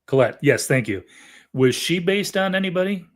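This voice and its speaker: A man's voice: on the high side, animated, moderate pace. A man hosting a casual interview, asking easygoing questions in a friendly way. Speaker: interviewer, host.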